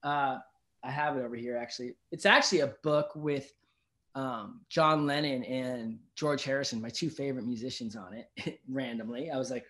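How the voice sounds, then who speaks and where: A medium-pitched man speaking at a moderate pace shares a personal story as a podcast guest. The conversation is casual and animated, with plenty of swearing and repeated "you know what I mean"s.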